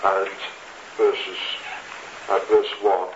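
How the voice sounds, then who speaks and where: Slow deliberate man preaching. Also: on the low side, flat delivery, a bit bright. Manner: slow, deliberate scripture reading. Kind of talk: expository sermon. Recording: echoey lo-fi radio recording with noise.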